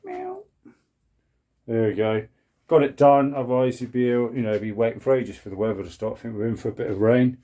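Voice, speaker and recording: A man's voice: medium pitch, fairly even intonation, quick pace, mellow. A British man in his sixties chatting casually to camera in a small shed while he works, rambling and talking to himself. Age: 60s. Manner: chatty, rambling, self-talk while working. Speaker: woodworking vlogger. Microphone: camera on a mount.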